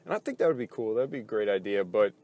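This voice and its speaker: A man's voice: fairly low pitch, lively intonation, fast talker, darkish tone. Profane, frustrated man ranting casually. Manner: frustrated, profane, rambling with many fillers. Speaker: gaming video host.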